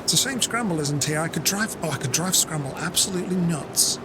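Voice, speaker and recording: British male streamer, higher voice, casual and self-mocking, vehicle noise in the background. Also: animated, a little fast. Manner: chatty, self-mocking, acts out friends in high voices. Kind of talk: casual gameplay chat. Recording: game sounds and vehicle noise behind.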